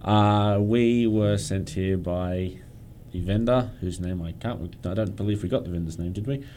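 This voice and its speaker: A man playing a tabletop game, speaking in a deliberate, halting way. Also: lowish voice, mellow, a little hiss or hum. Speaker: player. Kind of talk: casual tabletop play.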